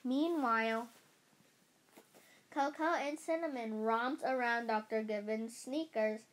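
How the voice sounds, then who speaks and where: A woman reading a children's book aloud in a halting way, often correcting herself. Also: on the high side. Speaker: storybook reader.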